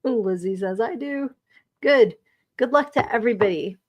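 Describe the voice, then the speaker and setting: A woman's voice: a little high, normal speed. A chatty woman hosts a live podcast stream, reading out viewer comments in a casual way. She laughs easily and keeps up a loose, friendly flow of talk. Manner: chatty, reads viewer comments aloud, giggly. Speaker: podcast host.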